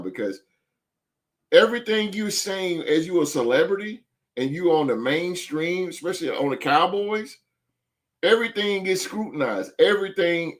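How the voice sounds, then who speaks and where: Man, podcast host, emphatic, repeats words, slightly high pitch. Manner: emphatic, stammering restarts. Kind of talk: casual sports talk.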